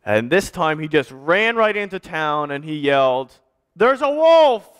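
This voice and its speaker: A man's voice: fairly high pitch, expressive, moderate pace, fairly bright tone, smooth. A man, a pastor, telling a children's story during a church service and directing children to act parts out.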